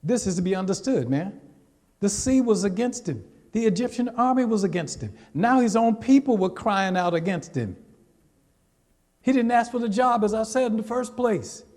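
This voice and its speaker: A man preaching in a church sanctuary, chatty and teasing as he talks straight to the congregation. His voice sits a little high for a man, and long reverb trails each phrase through the hall. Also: animated, normal speed, darkish tone. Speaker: pastor. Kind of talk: sermon.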